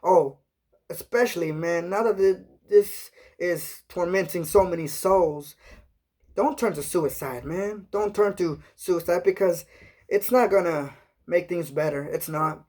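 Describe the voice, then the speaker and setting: A man's voice: high voice, a little slow, darkish tone. A man talking casually on a live stream, rambling and earnest, sprinkling his talk with "man" and "you know". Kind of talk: casual live-chat monologue.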